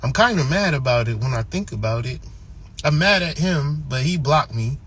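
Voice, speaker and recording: A man's voice: fairly high pitch, lively intonation, moderate pace, fairly bright tone, husky. Man putting on a fickle, moody young woman. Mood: petulant.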